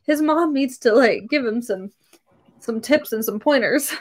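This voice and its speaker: A woman's voice: a little high, lively intonation, a little slow. A young woman co-hosting a podcast, chatting casually and hesitantly, trailing off with fillers. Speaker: podcast co-host. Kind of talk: casual recap chat.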